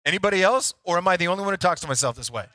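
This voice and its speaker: Bright-voiced man preaching a casual sermon. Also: sits high, expressive, racing, no room sound. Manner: conversational, self-deprecating storytelling. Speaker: pastor.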